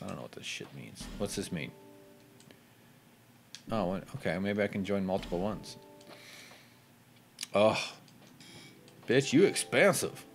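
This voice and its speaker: A man with a deep voice riffs crudely and sarcastically while playing a game. His pitch jumps around a lot as he jokes. Faint music plays under his talk. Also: creaky. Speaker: gameplay commentator. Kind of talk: casual let's play commentary.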